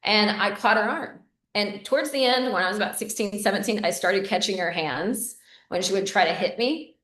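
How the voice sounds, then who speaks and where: A woman tells a personal story to her viewers in a casual, candid way, with plenty of ums and uhs. Her voice sits at a middle pitch. It echoes a bit in a roomy space. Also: normal speed, fairly bright tone. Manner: candid, talks to viewers directly, many fillers. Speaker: vlogger. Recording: roomy echo.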